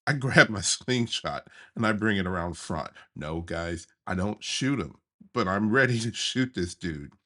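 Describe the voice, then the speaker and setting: A man from the USA, hosting a podcast, telling a childhood memory in an animated way and chuckling as he goes. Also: deep voice, measured pace. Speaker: podcast host. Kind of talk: memoir storytelling podcast.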